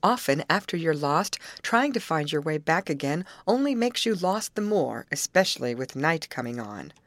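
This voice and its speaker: A woman reading aloud voices a steady teenage girl who leads calmly and reasons things out. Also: low voice, moderate pace, no echo. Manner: calm, reasoning.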